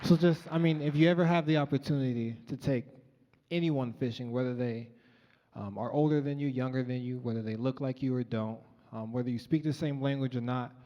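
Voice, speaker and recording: A man's voice: medium pitch, fairly even intonation, fairly quick. A young man from Colorado telling a personal story live on stage, earnest and conversational with frequent ums, through a stage microphone. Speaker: featured storyteller. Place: large event hall, on stage. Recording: dull, echoey live hall recording.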